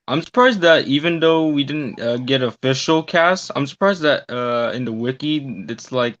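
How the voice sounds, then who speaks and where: A man's voice: medium pitch, moderate pace, hardly any pauses, a bit bright, a little hiss or hum. A man in casual chat, making brief, puzzled remarks. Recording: dull lo-fi mic.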